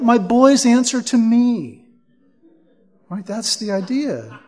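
A man's voice: high-pitched, darkish tone. A man preaching a verse-by-verse sermon as pastor, emphatic, stumbling over repeated words and asking "right?" again and again. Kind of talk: expository sermon.

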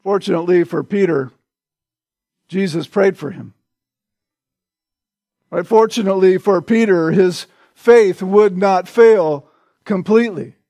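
A male pastor preaching a sermon in a slow, deliberate way, repeating short phrases for emphasis. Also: high-pitched, mellow, no echo.

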